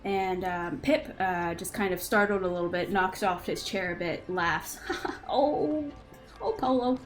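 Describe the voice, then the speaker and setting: A woman's voice: lowish voice, fairly even intonation, moderate pace, fairly bright tone, soft background music. A woman narrating a tabletop role-playing game as game master, in a chatty manner with frequent fillers. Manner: chatty, with many fillers and restarts.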